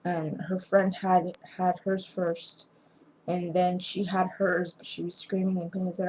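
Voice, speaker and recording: A woman with a lowish voice talks through a film's plot in a loose, rambling way, often stopping and restarting mid-sentence. She sounds sleepy, as though she has just been yawning. A faint hiss sits under the home recording. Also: level tone, a little mellow, poor audio. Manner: rambling, halting retelling with many restarts. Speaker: amateur movie reviewer. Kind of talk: casual spoken movie recap.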